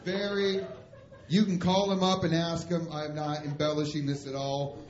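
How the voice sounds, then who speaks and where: A missionary preacher telling a story from the pulpit, animated and comic, his slightly high voice acting out each part. The room is echoey and the sound a little dull and lo-fi. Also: normal speed, a crowd in the background. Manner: animated, comic, acts out dialogue. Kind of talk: storytelling sermon. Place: church. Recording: roomy church hall, dull lo-fi sound.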